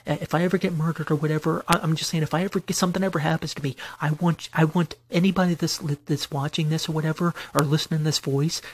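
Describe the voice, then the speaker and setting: This fairly high, breathy-edged male voice belongs to a vlogger venting late at night. His personal rant wanders and restarts repeatedly, and his aggrieved tone keeps erupting into swearing fits.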